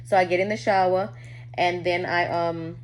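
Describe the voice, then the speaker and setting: A woman telling a personal story to her viewers in a candid, casual way, often dropping low and quiet. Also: steady tone, moderate pace, slight background noise.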